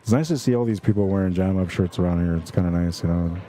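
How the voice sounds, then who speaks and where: A man's voice: sits low, fast, mellow, a little hiss or hum. A man hosting a pool tournament livestream, chatting casually and directly to his viewers in a self-deprecating way. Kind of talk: casual chat and livestream commentary. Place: pool hall during a tournament.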